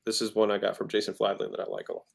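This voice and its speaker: A man's voice: fairly low pitch, little pitch movement, very fast, vocal fry. A man as a guest in a casual interview, teaching sales, emphatic and always checking in with "right?". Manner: acts out tones of voice to make points. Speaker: guest entrepreneur.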